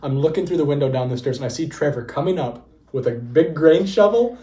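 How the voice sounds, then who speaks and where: A man's voice: fairly high pitch, brisk. A young man co-hosting a podcast, telling stories casually, laughing often and acting out the dialogue. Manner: lively, laughs often, acts out quoted dialogue. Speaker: podcast co-host. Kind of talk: casual storytelling. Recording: echoey room.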